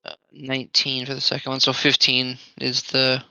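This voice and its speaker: A man's voice: mid-range voice, monotone, normal speed, gravelly, pushed and bright, clean tone, no room sound, rough recording. A man playing a tabletop game who swears freely and jokes at his own bad rolls. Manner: swears freely, joking and self-mocking. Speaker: player. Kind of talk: casual game chat.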